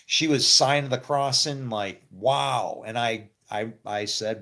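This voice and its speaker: A middle-aged man telling a personal story in a casual, rambling way, often laughing and acting out what people said. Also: mid-range voice. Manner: rambling, animated, quick to laugh and quote people. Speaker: actor telling his faith story.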